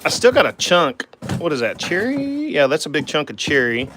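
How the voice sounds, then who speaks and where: Against a noisy background, a man with a slightly high voice speaks at a moderate pace with big pitch swings. In his forties and Oklahoma-accented, he hosts a casual woodturning livestream by the lathe in his home shop, answering viewers in a rambling, easygoing way with lots of "man" and "uh."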